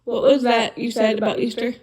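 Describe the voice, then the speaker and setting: Woman doing a grumpy just-woken male badger, whispered role-play, curt and irritable, fairly high voice. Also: flat delivery, brisk, a little mellow, natural voice. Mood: softened.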